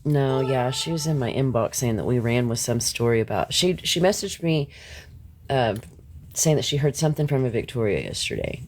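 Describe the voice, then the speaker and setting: His mid-range voice has a sing-song, slightly mellow quality, and he speaks at normal speed. This live-stream host rants confrontationally at his viewers, swearing freely, firing back at chat, and laughing between points.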